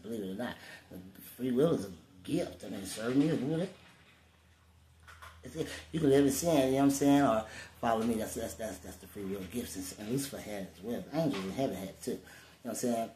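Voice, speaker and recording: A man speaking casually and profanely about faith, rambling like a street preacher with sudden loud bursts. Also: on the low side, fairly quick, slight background noise. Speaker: vlogger. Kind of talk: casual spiritual monologue. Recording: roomy with faint ambience.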